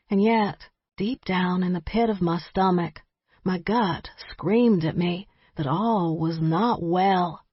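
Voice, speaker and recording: With a husky, slightly low voice, a woman narrates a first-person audiobook from a script, her storytelling measured and wry. The recording sounds dry and a bit muffled.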